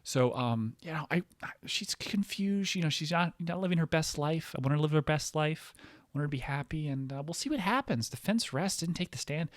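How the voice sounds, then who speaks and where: A man's voice: fairly high pitch, expressive, brisk, no echo, clean studio sound. A man hosting a comedic podcast, rambling and provocative, with constant use of "like" as a filler. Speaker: podcast host. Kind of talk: casual comedic podcast monologue.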